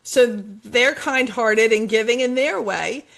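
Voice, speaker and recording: A woman's voice: on the high side, slow pace, creaky, fairly bright tone. A middle-aged woman life coach talking in a podcast conversation, enthusiastic and motivational, repeating phrases for emphasis.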